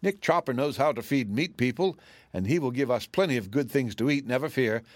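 A man voicing a confident little girl in a storybook reading, speaking in a bright, matter-of-fact way. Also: medium pitch, lively intonation, fairly quick, dry recording, clean studio sound, natural voice. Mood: earnest.

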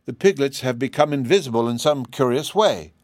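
A man's voice: mid-range voice, animated, a little fast, darkish tone, dry recording, clean studio sound, pitched above the performer's own voice, lightly acted. Fussy little old storybook wizard, a man putting him on, raised and anxious.

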